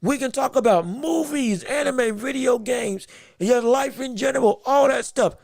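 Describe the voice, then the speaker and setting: A man's voice: very high-pitched, unhurried, gravelly, darkish tone, no echo, clean studio sound. A man hosting a boxing podcast livestream, talking emphatically and repeating himself when worked up. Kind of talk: livestream sports commentary.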